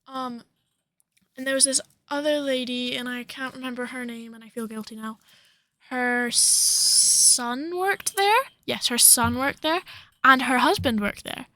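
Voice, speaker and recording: A woman's voice: fairly high pitch, steady tone, normal speed, sharp tone, no echo. A young woman co-hosting a podcast, chatting casually and rambling with lots of fillers. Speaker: podcast co-host. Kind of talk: casual chat.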